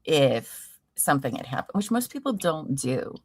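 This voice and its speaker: Woman from Ohio, casual livestream host, slightly low voice. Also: sing-song, moderate pace, noisy background. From Ohio, USA. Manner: chatty, reads viewer comments aloud. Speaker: true crime livestream host. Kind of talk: casual chat.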